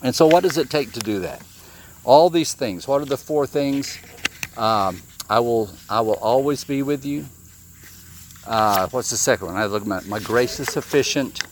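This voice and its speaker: Reading from scripture and asking the audience questions, a male preacher delivers a loose, conversational sermon full of repeated words. He speaks at medium pitch and normal speed, with a little background hiss or hum.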